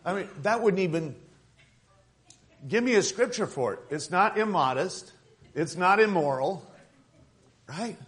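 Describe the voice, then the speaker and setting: A man preaching a sermon as pastor, conversational and joking, with quick asides. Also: sits high, expressive, a bit bright. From Tucson, Arizona.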